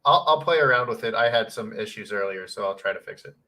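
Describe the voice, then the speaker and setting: Bright-voiced joking male guest. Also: lowish voice, expressive, quick pace. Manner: blunt, joking. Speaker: stream guest. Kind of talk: casual live stream chat.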